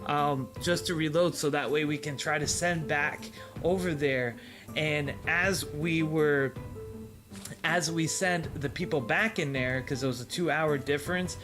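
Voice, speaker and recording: A man's voice: on the high side, a bit bright. A man hosting a gaming video, telling a battle story in a chatty way, laughing often and filling with "uh" and "like". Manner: chatty, laughs often, many fillers and restarts. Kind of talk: casual gameplay storytelling.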